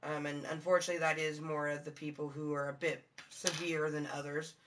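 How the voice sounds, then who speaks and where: A woman streamer chatting casually with her viewers, with a low-toned voice, rambling through fillers, swearing and giggling. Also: little pitch movement, a little fast, noisy background. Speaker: live streamer.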